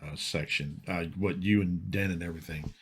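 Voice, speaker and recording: A man's voice: low voice, fairly even intonation, normal speed, a little hiss or hum. A man hosting a podcast, chatting in a laid-back, rambling way with lots of "like" and "dude". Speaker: podcast host. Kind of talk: casual chat.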